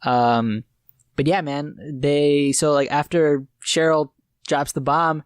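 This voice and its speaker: A man's voice: on the high side, steady tone, takes it slowly, smooth, dry recording, clean studio sound. A man co-hosting a podcast in a casual review chat, rambling in a laid-back way with many restarts. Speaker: podcast co-host.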